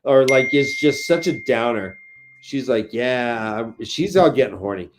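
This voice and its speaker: A middle-aged man chatting casually on a book podcast, animated and acting out scenes with sound effects. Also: medium pitch, unhurried. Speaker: podcast co-host. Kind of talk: casual book-discussion chat.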